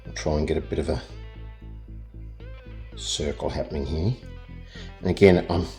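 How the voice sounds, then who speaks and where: A middle-aged Australian man giving a relaxed, rambling painting lesson, talking as he works and joking at his own expense. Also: rumbling low, moderate pace, creaky, faint music behind. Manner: rambling, self-deprecating, chatty. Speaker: art tutor. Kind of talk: real-time painting tutorial.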